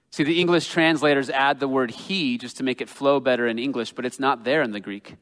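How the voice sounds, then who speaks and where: A man preaching a sermon earnestly and emphatically, slowing down when he quotes scripture. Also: medium pitch, steady tone, a bit bright. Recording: long reverb of a large hall.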